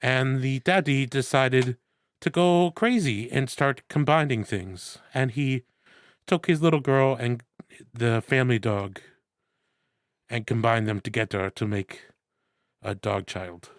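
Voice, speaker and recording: A man's voice: mid-range voice, unhurried, dry recording, clean studio sound. A man co-hosting a podcast in casual banter, rambling and playful, often tripping over his words. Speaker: podcast co-host.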